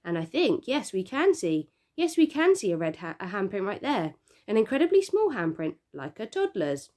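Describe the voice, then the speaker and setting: A woman voicing a gleeful, smug woman TV news reporter with a bright, probing broadcast delivery, reading a storybook aloud. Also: medium pitch, very animated, moderate pace, lightly acted.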